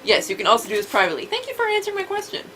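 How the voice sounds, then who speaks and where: A woman's voice: on the high side, huge pitch swings, very fast, bright, forceful tone, slight background noise, low-quality recording. A woman reading game dialogue aloud with friends in a playful, mock-official way. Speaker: let's play host.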